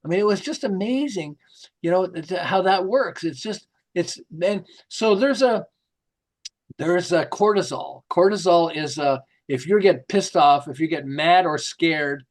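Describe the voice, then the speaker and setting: A middle-aged man, a marketing author, telling lively stories in an interview and acting out the quotes. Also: sits high, measured pace. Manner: lively, jokey, acts out quotes with laughs. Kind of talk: animated storytelling interview.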